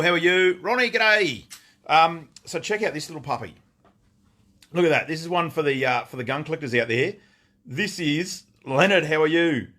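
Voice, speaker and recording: A man's voice: medium pitch, pushed and bright. Chatty Australian man greeting viewers. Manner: chatty, greets viewers by name, lots of ums. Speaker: gun shop owner hosting a live stream. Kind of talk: casual live-stream chat.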